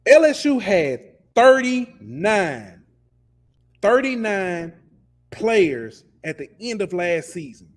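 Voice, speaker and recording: Male sports podcast co-host, fired-up rant, slightly higher voice, casual and repetitive. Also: big pitch swings, slow. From lives in Alabama. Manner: passionate, ranting, repeats words.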